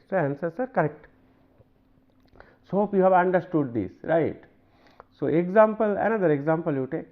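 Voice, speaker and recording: This university lecture comes from a man whose voice sits high and who has an Indian English accent. He works through examples with frequent pauses, repetitions and "right?" checks, and the audio sounds narrow, like a phone.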